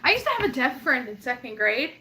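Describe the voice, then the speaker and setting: Young woman co-host, high and bright, animated laughing storyteller in casual chat. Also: fast talker, slight background noise. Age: 20s. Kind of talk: casual chat, reading live chat.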